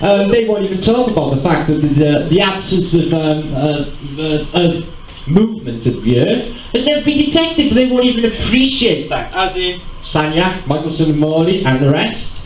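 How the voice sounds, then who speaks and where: A man giving an animated, rambling talk live to an audience. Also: on the high side, normal speed, slight background noise. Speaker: convention speaker. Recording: roomy hall with faint ambience.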